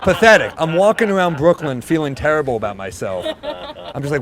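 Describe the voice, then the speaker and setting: A man's voice: a little high, very animated. A man doing stand-up, telling a story on stage and acting out the voices of the people in it. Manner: quick asides, acts out quoted voices. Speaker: stand-up comedian. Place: stage before a live audience. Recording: live show with crowd noise.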